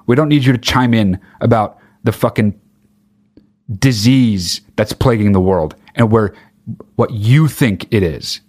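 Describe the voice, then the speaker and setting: A man ranting with sarcasm and heavy swearing, mocking others in high put-on voices. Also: lively intonation, moderate pace, a little mellow, husky. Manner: angry, sarcastic, swears a lot. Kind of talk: profane ranting monologue.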